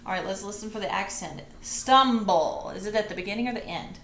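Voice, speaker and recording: A woman's voice: mid-range voice, fairly even intonation. A woman reading tutor giving a step-by-step phonics lesson, patiently sounding out and spelling each word. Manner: patient, slow and deliberate, sounding out syllables. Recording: echoey room, distant mic, faint hiss.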